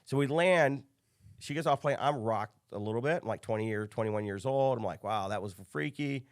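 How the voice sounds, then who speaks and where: Fast talking guy telling stories on a podcast, acts out what people said. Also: medium pitch. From Chicago area. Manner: animated storyteller, acts out quoted dialogue. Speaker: business coach, guest. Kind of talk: casual storytelling interview.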